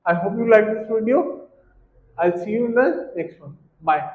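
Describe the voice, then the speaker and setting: Male language tutor, very high voice, slow and repetitive, talks to camera, echoey room. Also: expressive, very noisy. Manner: poses rhetorical questions, repeats key points. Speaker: English exam tutor. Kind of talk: instructional talk to camera. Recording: dull, echoey room recording.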